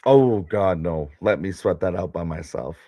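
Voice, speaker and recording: A deep-voiced man chiming in as co-host, laid-back and joking about his own losing bets. His voice sounds close and dry. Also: animated, normal speed, warm tone, dry recording. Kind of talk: casual banter.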